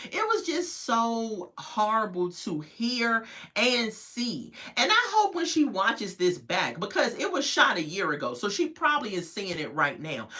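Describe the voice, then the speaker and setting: A woman recapping a reality TV episode as a casual, outspoken commentator. She tells the story in an animated, gossipy way and judges the people in it bluntly. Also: medium pitch. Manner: outspoken and judgmental. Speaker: TV show reviewer.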